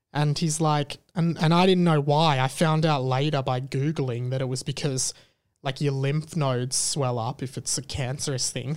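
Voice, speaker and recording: A man's voice: fairly high pitch, clean tone, dry recording, clean studio sound. A young man hosting a podcast, telling a personal story in a casual, rambling, self-deprecating way and acting out the people in it. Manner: rambling, self-deprecating, animated retelling with quoted dialogue. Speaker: podcast host.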